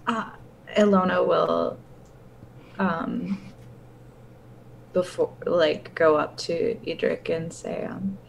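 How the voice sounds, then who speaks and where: A woman playing a tabletop role-playing game, speaking gently and a little hesitantly. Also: on the low side, steady tone, takes it slowly, vocal fry, long pauses, slight background noise, low-quality recording. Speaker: player. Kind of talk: casual tabletop role-play.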